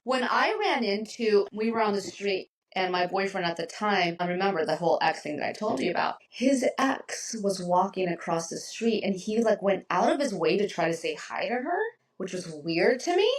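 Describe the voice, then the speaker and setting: A woman's voice: medium pitch, lively intonation, moderate pace, distant mic, rough recording. A woman co-host in casual chat, supportive and reflective.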